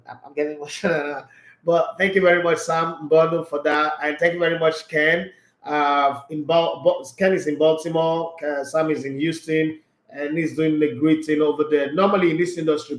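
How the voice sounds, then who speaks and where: A man's voice: fairly high pitch, fairly even intonation, normal speed, echoey room. A Nigerian man hosting a sports show, chatting casually and rambling with fillers and restarts, moved and emotional. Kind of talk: casual podcast chat.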